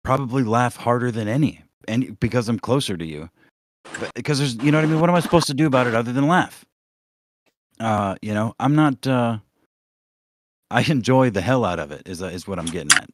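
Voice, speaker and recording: A man's voice: mid-range voice, dry recording. A man hosting a casual livestream podcast, talking in a rambling, profane, sarcastic way into a close microphone. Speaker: podcast host.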